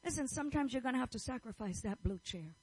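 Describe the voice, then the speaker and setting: A woman's voice: sits high, animated, quick pace, slightly rough, no echo, low-quality recording. A middle-aged woman preaching a fervent sermon, declaring and repeating her phrases as she prays over the listeners. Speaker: pastor's wife preaching.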